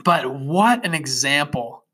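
A young man in his twenties hosts a podcast and tells a motivational story in a loose, animated monologue. His voice is bright and forceful. He rambles, piling up fillers and restarts as he goes. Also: a little high, slow pace, slightly rough. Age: 20s. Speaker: podcast host.

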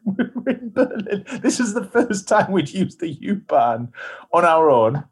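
Husky man telling a story. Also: high voice, big pitch swings, measured pace. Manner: rambling, restarts often, laughs through anecdotes. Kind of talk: casual storytelling chat.

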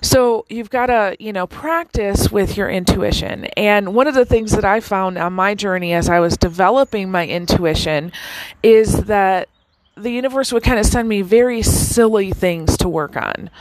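A woman talks in a relaxed, chatty way about inner guidance, full of ums and restarts and lively lifts. Her voice sits mid-range. The sound is close and dry, with no room echo. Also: mid-range voice, moderate pace. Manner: chatty, animated, with many fillers and restarts. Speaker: podcast host. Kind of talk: casual spiritual talk.

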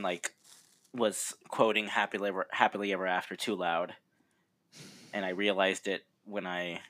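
Low-voiced man telling a joking story. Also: a bit bright. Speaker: podcast co-host. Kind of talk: casual storytelling.

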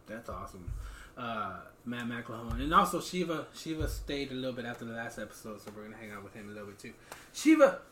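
Male podcast host, bright tone, halting casual delivery, small echoey studio. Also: medium pitch, a little hiss or hum. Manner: halting, frequent fillers and throat clearing. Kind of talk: casual chat.

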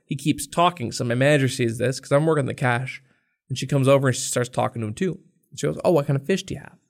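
On a casual podcast, a young male co-host vents through a profane, exasperated story, acting out the customers he's complaining about. His medium-pitched voice is fast and has vocal fry.

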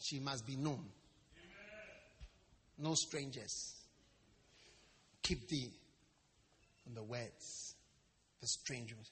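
A man preaching a sermon in a lively, storytelling way, acting out quotes and jokes. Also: mid-range voice, extremely slow, long pauses, a little hiss or hum. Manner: animated, storytelling with acted quotes and stammering imitations. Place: church service hall. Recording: long reverb of a large hall.

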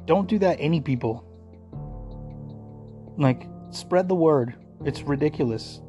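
A man's voice: on the high side, lively intonation, measured pace, dark tone, soft background music. A man from the United States in a casual ranting monologue, profane, sarcastic and combative.

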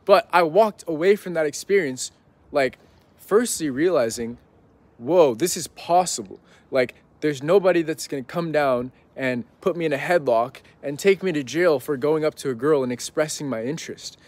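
A man's voice: on the high side, moderate pace, no room sound. A young man telling a story as a podcast guest in a casual, rambling way, full of "like" and "right?". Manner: rambling, heavy use of "like" and "right?".

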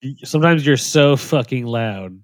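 A man's voice: mid-range voice, expressive, normal speed. A man hosting a casual podcast chat, laughing often between his lines. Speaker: podcast host.

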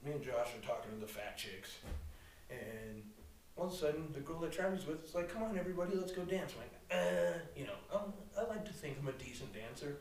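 Crude, animated young man, echoey and distant. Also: medium pitch, a little fast, slight background noise. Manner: crude, animated, swears constantly. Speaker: podcast co-host. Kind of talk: casual storytelling chat. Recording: roomy echo, distant from mic.

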